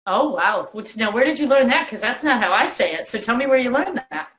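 Animated woman telling a story in an echoey room. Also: a little high, fairly quick. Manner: animated storyteller, acts out voices in quotes. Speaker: host. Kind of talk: warm storytelling to a child on video. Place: child's bedroom.

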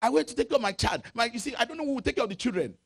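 A male pastor from Nigeria preaching a sermon, chanting scripture and swinging from loud shouts to low asides. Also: animated, very fast, creaky, breathy edge. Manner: reads scripture aloud in a chanting, sung tone.

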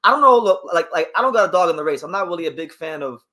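A man's voice: high voice, expressive, rapid-fire, sharp tone. A man hosting a casual boxing livestream, reading viewer comments aloud and giving his opinions on fighters. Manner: chatty, reads viewer comments aloud and reacts. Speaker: boxing channel host.

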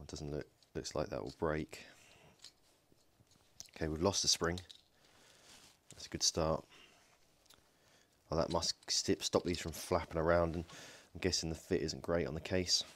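A man's voice: extremely low pitch, fairly even intonation, unhurried, pauses often, a bit bright. A man hosting a casual workshop video, joking and thinking aloud as he takes apart a battery pack. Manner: joking, thinks aloud while working, frequent ums and self-corrections. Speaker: DIY electronics video host. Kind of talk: casual hands-on teardown narration. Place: home workshop.

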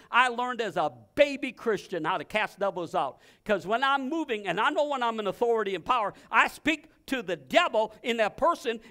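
A man preaching a sermon as pastor, emphatic, repeating phrases in bursts and now and then shouting commands. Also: very high voice.

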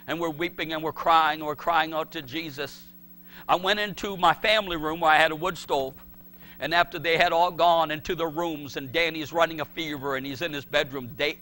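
A middle-aged man preaching a sermon, swinging from shouted pleas to hushed words. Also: a little high. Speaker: pastor.

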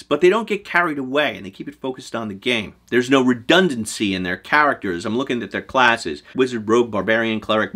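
A man's voice: mid-range voice, a bit bright. A man hosting a show, giving game master advice in a scripted talk to camera with emphatic delivery.

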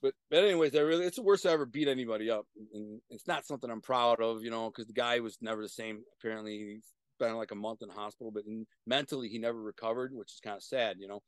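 A middle-aged man, a guest on a video-call interview, telling profane street stories in an animated way with sudden loud bursts. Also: medium pitch, fast, clear, resonant tone, dry recording. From Detroit, USA. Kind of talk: casual storytelling.

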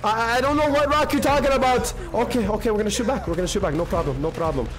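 A man's voice: high-pitched, quick pace. A man streaming a video game and narrating it live, frantically repeating himself as he panics. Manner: frantic, repetitive, excitable. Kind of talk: live gameplay commentary.

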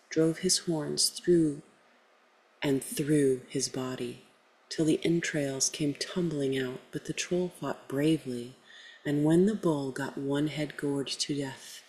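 Woman, storyteller, folktale reading, slow pace, measured delivery. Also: low-pitched, a little mellow, low-quality recording.

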